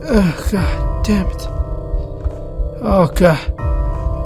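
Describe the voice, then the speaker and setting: A man's voice: on the high side, slow, long pauses, soft background music. A young man playing a horror game, commenting as he goes, panicking, swearing and begging to be left alone. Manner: panicky, swearing, pleading with the monster. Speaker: gaming channel host.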